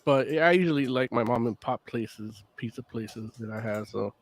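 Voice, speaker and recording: A man co-hosting a casual podcast, talking in halting starts and swearing casually. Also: mid-range voice. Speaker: podcast co-host. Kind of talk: casual chat.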